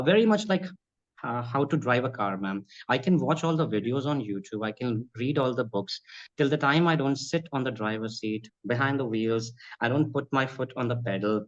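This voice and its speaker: Slightly dull lo-fi audio carries a medium-pitched man giving conversational interview answers. A spoken English and accent trainer and native Bhojpuri speaker, he sounds earnest and advisory and addresses her as "ma'am" again and again.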